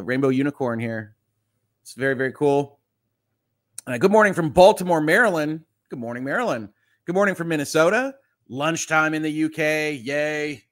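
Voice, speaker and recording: A man's voice: a little high, a bit bright. A man from Michigan hosting a casual morning livestream, chatty and reading viewer comments aloud with quips. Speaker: livestream host.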